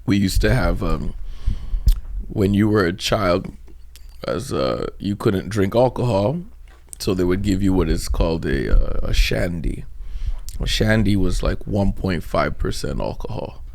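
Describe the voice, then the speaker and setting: A man from Trinidad, a comedian guest, chatting casually, telling animated stories and laughing often. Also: deep voice, unhurried, creaky. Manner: animated storyteller, laughs often, breaks into mock voices. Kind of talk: casual interview chat.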